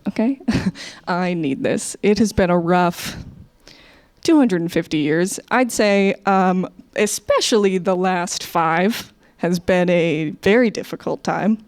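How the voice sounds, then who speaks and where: A young American woman performing a stand-up comedy set, animated and playful, dropping into low confiding asides. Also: takes it slowly. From United States.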